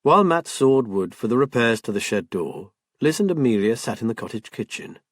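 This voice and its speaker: A man reading a crime novel aloud as an audiobook narrator, in a measured storytelling manner. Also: medium pitch, very animated, dry recording, studio quality. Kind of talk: scripted narration.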